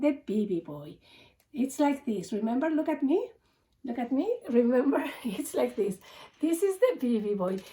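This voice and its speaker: A woman teaching young music students, her voice high and swooping all over. She speaks slowly and in a sing-song way, chanting memory tricks for the notes like a game. The tone stays patient and animated throughout. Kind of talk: children's music theory lesson.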